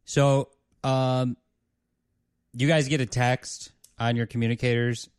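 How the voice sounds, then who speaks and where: A man narrating a tabletop game as game master, halting with fillers. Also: medium pitch, flat delivery, clean tone, no room sound, studio quality.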